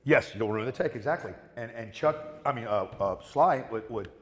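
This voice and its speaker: A man's voice: medium pitch, a little fast. A middle-aged man, a guest actor on a convention panel, telling profane anecdotes and acting out the people in them. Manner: animated, profane, acts out quoted voices. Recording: echoey hall with long reverb.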